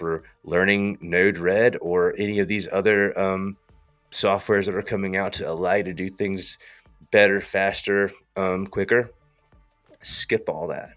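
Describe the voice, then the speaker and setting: A man's voice: lowish voice, fairly bright tone. A man with a thick Southern US accent, hosting a rambling, slangy casual talk. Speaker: host.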